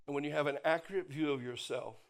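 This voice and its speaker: A man preaching a sermon, emphatic, repeating key phrases and dropping his voice low on the punch lines. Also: fast talker, gravelly. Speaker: pastor.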